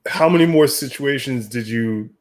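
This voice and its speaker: A man's voice: mid-range voice, moderate pace. A man hosting a casual podcast interview, laughing along and asking follow-up questions. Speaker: podcast host.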